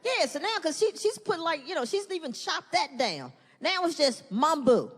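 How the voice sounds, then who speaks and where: A woman performing stand-up on a live stage. Her voice sits high and swings widely as she acts out the people in her story, swearing freely. The recording has a long hall echo, with a faint crowd and faint noise behind her. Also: normal speed, hardly any pauses. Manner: animated, profane, acts out voices of others. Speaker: stand-up comedian. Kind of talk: stand-up comedy routine. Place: comedy stage before an audience.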